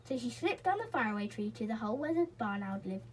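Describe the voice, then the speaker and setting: A woman reads a children's book aloud, gentle and expressive, now and then slipping and starting a word again. Her voice sits a bit high and moves with lively rises and falls. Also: quick pace, a little hiss or hum, rough recording. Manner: gentle and expressive, with small slips and restarts. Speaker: reader.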